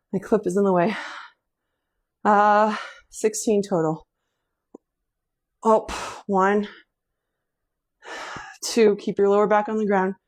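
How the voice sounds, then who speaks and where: A woman's voice: mid-range voice, darkish tone. A woman hosting a home workout, counting reps aloud and chatting about faith between sets, sighing and a little out of breath as she exercises. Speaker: fitness instructor and host. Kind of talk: casual workout coaching with faith reflections.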